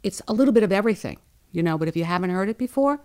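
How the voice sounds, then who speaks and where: A woman with a New Orleans accent talks about her work as a dialect coach. She tells stories in a lively, animated way, with a mid-range voice. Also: medium pitch, rapid-fire. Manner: lively, talkative, animated storytelling. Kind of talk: interview.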